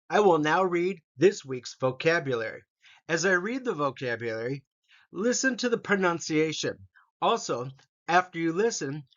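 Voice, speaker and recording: Slow, deliberate male English teacher. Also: high voice, a bit bright, muffled recording. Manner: slow, deliberate, repeating each word. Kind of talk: vocabulary pronunciation lesson.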